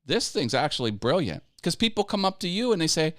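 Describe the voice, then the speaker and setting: A man's voice: fairly high pitch, very animated, a little fast, a bit bright, no echo, studio quality. A man hosting a casual live stream about growing a video channel, upbeat and chatty, laughing easily and thanking viewers. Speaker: YouTube coaching livestream host.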